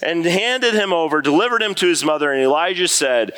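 A man preaching a sermon with a high, bright voice. He is earnest and emphatic, pushing his pitch up hard when he speaks prayers aloud, and he often breaks into light laughter between lines. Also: animated, a little fast, hardly any pauses. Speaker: pastor.

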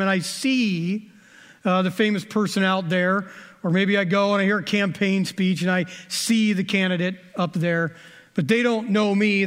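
A middle-aged man from the American Midwest delivers a sermon full of folksy, conversational stories and jokes from his own life. His voice is high and a bit bright, and a long hall reverb surrounds it.

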